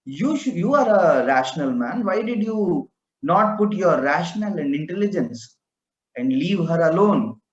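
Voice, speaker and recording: A man voicing a divine prince who scolds loudly and commands. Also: sits high, animated, measured pace, voice pushed up. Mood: scolding. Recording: roomy, dull lo-fi recording.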